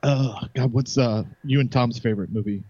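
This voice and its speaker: Male podcast guest, halting delivery, dry, muffled lo-fi mic. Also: medium pitch, mellow, husky, dry recording. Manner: hesitant, halting with many fillers. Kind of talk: casual podcast chat.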